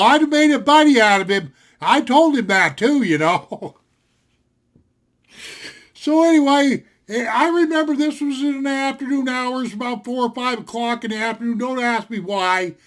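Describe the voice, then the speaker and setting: Older man, high voice, casual rambling storytelling, lots of fillers. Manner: folksy and rambling, with many fillers. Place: home desktop setup.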